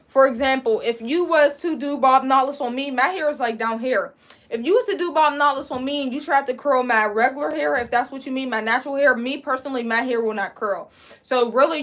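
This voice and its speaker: High-voiced young woman teaching braiding live. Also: a bit bright. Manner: casual, chatty, answers viewer questions while working. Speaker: braiding instructor. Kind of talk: live-streamed hair braiding class.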